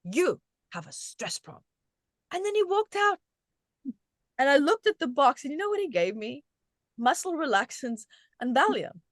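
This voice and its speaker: A middle-aged woman from South Africa with a fairly high voice speaks as an interview guest. She tells a personal story in an animated, conversational way and often restarts her sentences. The sound is close and dry, with no room echo. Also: moderate pace, pauses often. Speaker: guest, self-help author.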